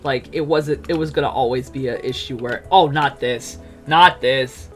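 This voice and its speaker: A woman's voice: extremely low pitch, normal speed, soft background music. Chatty woman telling a casual story. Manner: chatty and animated, many fillers, acts out quotes. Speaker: streamer telling a personal story.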